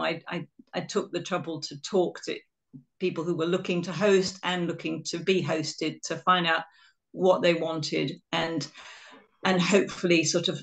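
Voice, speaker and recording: A middle-aged woman from England gives a webinar talk over a video call, her voice on the low side for a woman. She tells stories in a chatty, self-deprecating way. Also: fairly bright tone. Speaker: guest speaker.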